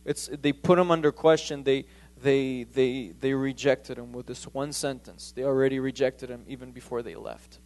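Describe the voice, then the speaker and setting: A man delivers a sermon in a church with an emphatic, pressing delivery. He often stumbles over his phrases and restarts them as he drives his point home. His voice sits at a middle pitch for a man. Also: steady tone, normal speed, darkish tone. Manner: emphatic, with frequent stammered restarts. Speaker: preacher.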